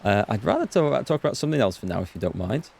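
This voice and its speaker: A man reading as a halting middle-aged detective. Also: on the low side, sing-song, creaky, a little mellow, husky, exaggerated voice. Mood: offbeat. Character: middle-aged amnesiac male detective, odd and blunt.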